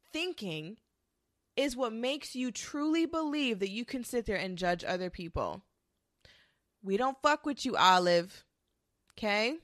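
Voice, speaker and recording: Sassy young woman venting to camera, profane and animated, dry close recording. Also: medium pitch, no echo. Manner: sassy, profane, animated storytelling with mocking quoted voices. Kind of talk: ranting commentary monologue.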